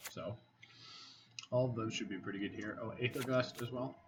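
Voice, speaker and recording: A man's voice: medium pitch, fairly even intonation, moderate pace. Wry man thinking aloud over a card game. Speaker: game streamer. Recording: slightly dull home mic with faint noise.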